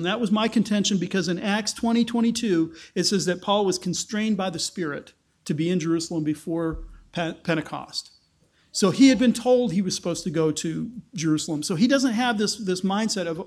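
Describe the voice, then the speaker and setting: High-voiced man preaching casually. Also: lively intonation, normal speed, a little mellow. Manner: informal, explaining, with fillers and restarts. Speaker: pastor. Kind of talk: conversational sermon teaching.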